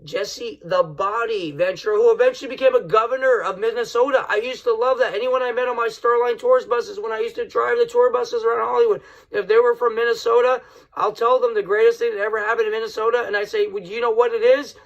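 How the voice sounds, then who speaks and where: A middle-aged man hosting his own podcast, talking straight to listeners in an excitable, rambling monologue that keeps calling them folks. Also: extremely high pitch, fast talker, lo-fi sound. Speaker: podcast host.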